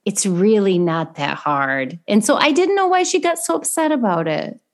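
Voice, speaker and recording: A woman from Indiana with a thick Midwestern accent, co-hosting a podcast and telling animated stories with frequent laughter. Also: mid-range voice, normal speed. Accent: Midwestern American. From Indiana, USA. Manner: animated storyteller, laughs often. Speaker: podcast co-host. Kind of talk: casual chat.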